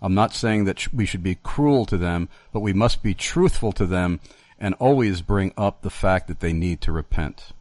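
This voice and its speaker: Low-voiced host with a dry sound. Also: male voice, moderate pace, darkish tone, no echo. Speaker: show host reading listener questions. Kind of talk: reading listener questions aloud.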